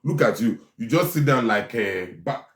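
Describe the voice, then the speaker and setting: A man giving forceful relationship advice, often repeating his lines for stress. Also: medium pitch, expressive, moderate pace. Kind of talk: preachy advice talk. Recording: echoey room.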